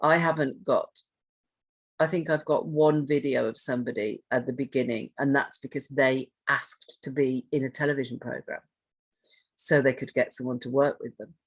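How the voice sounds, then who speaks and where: Husky low-voiced woman presenting. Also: fairly even intonation, moderate pace. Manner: conversational, asks the audience questions, restarts phrases. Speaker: trainer on hoarding and self-neglect. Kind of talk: training presentation.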